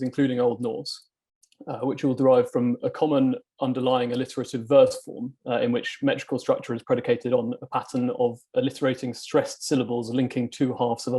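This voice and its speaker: A man's voice: medium pitch, a little mellow, husky. A man giving an academic talk to a reading group, hesitant and full of ums and uhs. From England. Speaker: academic presenter.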